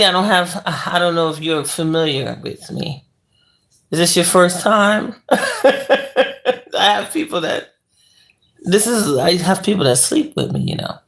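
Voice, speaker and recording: A livestream host lying in bed in a bedroom, chatting casually and rambling with the viewers' chat and laughing often. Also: medium pitch.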